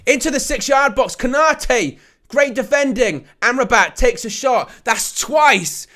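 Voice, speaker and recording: A man with a high, bright voice hosts a live football watch-along, speaking a little slowly. He calls the play, jokes and laughs often with viewers, and gets louder and excited when a chance comes close.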